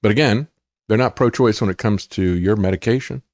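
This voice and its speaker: A man's voice: lowish voice, brisk, a little mellow, no echo. A middle-aged man hosting a political talk show, speaking indignantly and sarcastically with many fillers and restarts. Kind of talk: opinionated commentary monologue.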